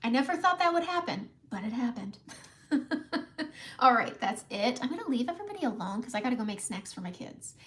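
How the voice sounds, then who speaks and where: A woman's voice: a little high, sing-song, brisk, a bit bright. A middle-aged woman hosting a casual live makeup tutorial from home, chatting with viewers by name and laughing often. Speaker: makeup livestream host.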